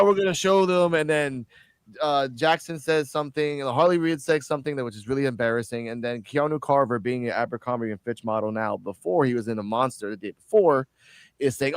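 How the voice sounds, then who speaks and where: A man hosting a casual wrestling review show, rambling and animated, often stumbling over his words. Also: medium pitch, no echo. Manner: animated, rambling, quotes wrestlers in mock voices. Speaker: podcast host.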